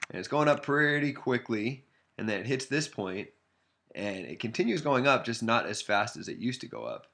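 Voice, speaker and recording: A man with a low, gravelly voice talks through a math problem in a loose, unpolished way. He thinks aloud as he sketches a graph, and he pokes fun at his own drawing as he goes. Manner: relaxed, self-deprecating, thinks aloud while sketching. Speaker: math instructor. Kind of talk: casual recorded math lesson.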